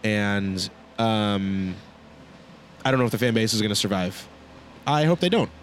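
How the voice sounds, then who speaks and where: A man's voice: fairly low pitch, a little slow, a little hiss or hum. A man co-hosting a casual sports chat, dry and sarcastic, often hesitating with fillers. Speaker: podcast co-host.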